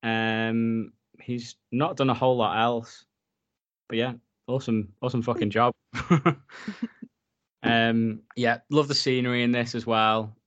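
A man's voice: mid-range voice, fairly even intonation, a little slow, pauses often, a bit bright, muffled recording. A man co-hosting a podcast in casual chat. He swears often and fills his talk with "like.". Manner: chatty, swears often, filler-heavy. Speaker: podcast co-host reviewing a film.

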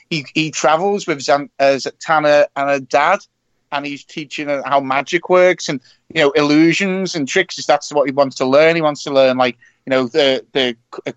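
A man on a podcast talks in a loose, rambling way, often restarting his sentences. His voice sits a bit high. The recording is dry, with a slightly muffled tone. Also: a bit bright, no echo. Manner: rambling, many restarts and fillers. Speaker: podcast co-host. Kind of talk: casual chat.

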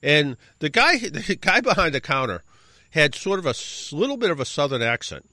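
Lively, bright-voiced middle-aged man rambling. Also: fairly high pitch, moderate pace, dry recording, studio quality. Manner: rambling, self-correcting anecdote with wry asides. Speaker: radio show host. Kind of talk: casual storytelling.

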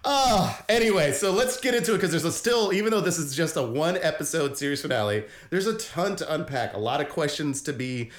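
A man's voice: fairly high pitch, animated, brisk, few pauses. Playful jokey male podcast host. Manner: playful, jokey, sometimes sings lines. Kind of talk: casual pop culture review chat.

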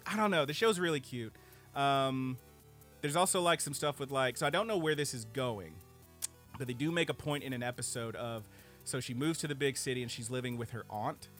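Brief: casual podcast co-host, male, animated and profane, lots of "like". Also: mid-range voice, fairly quick, soft background music. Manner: animated, profane, filler-heavy. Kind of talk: casual anime review chat.

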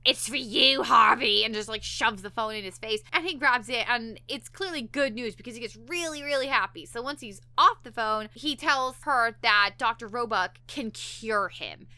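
Her voice is a little high, and she keeps a moderate pace with hardly any pauses while recapping an episode on a podcast. In a casual, animated way, she performs the characters' quoted lines as she goes. No room sound comes through.

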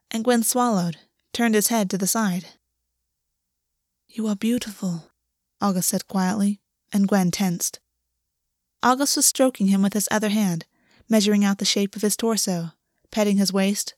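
A woman narrates a romance novel with steady, intimate storytelling. Her voice sits at a middle pitch, and the recording is close and dry with no room sound. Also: dry recording.

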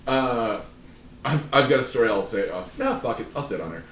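A man co-hosting a casual podcast chat, rambling and breaking into loud excited outbursts, recorded in a room at home. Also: mid-range voice, fairly quick. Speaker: podcast co-host. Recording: echoey room, mic at a distance.

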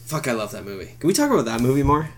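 A man co-hosting a podcast in casual chat, animated, swearing and laughing often. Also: medium pitch, rapid-fire. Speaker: podcast co-host.

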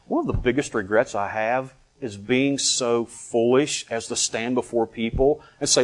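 A man in his thirties preaching a sermon. He swings from loud, emphatic lines to quiet, earnest ones, and he acts out quoted voices as mock dialogue. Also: mid-range voice, steady tone, normal speed, hardly any pauses.

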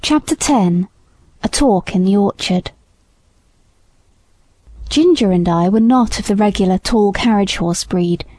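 Brief: woman audiobook narrator, warm mellow tone, dry close sound, steady gentle delivery. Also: mid-range voice, dry recording. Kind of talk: scripted narration.

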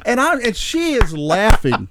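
A man's voice: high voice, a little slow, a crowd in the background. A middle-aged man, a regular guest, telling a story in casual chat and acting out what he said with rising emphasis. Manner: animated, acts out his own lines with rising emphasis, repeats "I said". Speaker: recurring podcast guest, storyteller.

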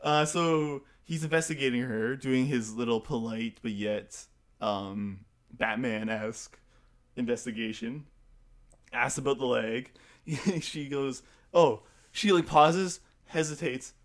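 A man at an ordinary middle pitch, talking loosely with a friend about a film. He laughs often, swears freely and slips into the characters' lines as he retells the scenes. His delivery is relaxed and conversational. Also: slow pace. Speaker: podcast co-host recapping a film. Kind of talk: casual chat.

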